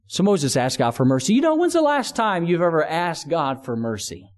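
Brief: male pastor, high voice, earnest conversational sermon. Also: very animated, moderate pace, few pauses. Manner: earnest, conversational preaching with restarts.

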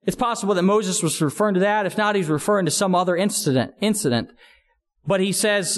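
A male pastor preaches in an earnest, conversational way, often restarting and repeating words as he explains the scripture. His voice sits high for a man. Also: a little fast. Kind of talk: sermon.

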